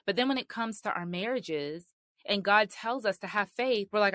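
A woman's voice: mid-range voice, moderate pace, sharp tone, no echo. Woman, sermon-style teaching, emphatic, conversational, dry recording. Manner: earnest, emphatic, conversational preaching. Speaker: marriage podcast host.

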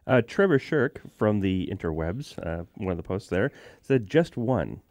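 Man, low gravelly voice, halting delivery, dry studio sound. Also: very animated, a little mellow, no echo. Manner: halting, many uhs. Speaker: podcast panelist. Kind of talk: casual chat.

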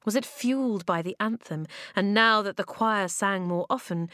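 A woman with a fairly low voice reads a children's storybook aloud. Her telling is measured and she slows down for emphasis. The recording is close and dry. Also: fairly bright tone, no echo. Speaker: audiobook narrator. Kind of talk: storybook narration.

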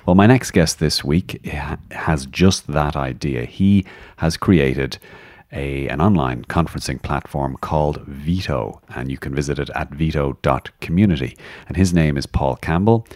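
Deep-voiced Irish man hosting a podcast. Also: dry recording, clean studio sound. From Ireland. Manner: chatty, self-deprecating, animated asides. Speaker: podcast host. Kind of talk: conversational interview.

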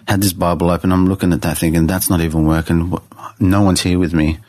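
A man with a fairly low voice tells a personal story in a podcast interview. He speaks earnestly, often restarting his phrases. The sound is close and dry. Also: flat delivery, normal speed, a little mellow, no echo. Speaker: guest artist.

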